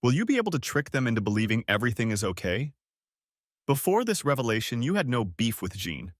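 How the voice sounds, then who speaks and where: A man voicing a calm older male friend who smokes a pipe, speaking in a deep, measured, non-judgmental way in an audiobook story. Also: dry recording, clean studio sound. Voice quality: deep bass. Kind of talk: audiobook character reading.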